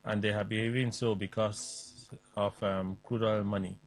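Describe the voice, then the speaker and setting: A man, hosting a radio call-in show and reading listener messages aloud with quick asides. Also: on the low side, little pitch movement, soft background music, low-quality recording.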